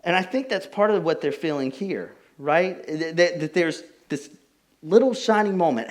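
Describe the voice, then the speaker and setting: Lively young male pastor preaching. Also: a little high, normal speed. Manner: animated storytelling, many fillers like "like". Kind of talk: casual conversational sermon.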